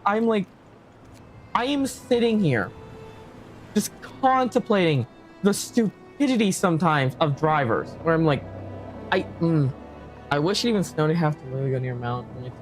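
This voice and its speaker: A man's voice: a little high, very animated, normal speed, soft background music. A man streaming a game, talking casually and animatedly, swearing a lot and laughing often. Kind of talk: casual gameplay commentary.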